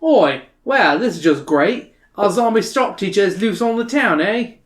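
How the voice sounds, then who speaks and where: A woman voicing a brash young boy with a put-on Australian accent, loud and drawling. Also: medium pitch, animated, normal speed, pitched above the performer's own voice, close to an everyday voice.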